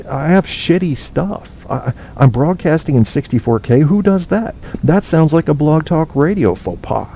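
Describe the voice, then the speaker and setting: Blunt, rambling male podcast host; gravelly and mellow, on a tinny home mic with faint noise. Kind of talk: casual solo talk with live chat. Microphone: cheap low-quality microphone. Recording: faint noise on a low-bitrate stream.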